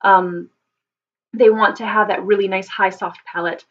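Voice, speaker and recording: A woman's voice: mid-range voice, steady tone, a little slow, highs cut off. A woman speaking as a voice teacher, thoughtfully explaining singing technique with frequent ums and restarts.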